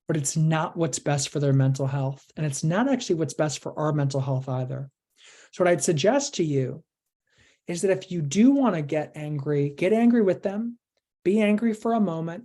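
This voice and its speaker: A woman presents an online workshop in a low-pitched voice. Her tone is mellow and warm, and she coaches earnestly, asking the audience question after question.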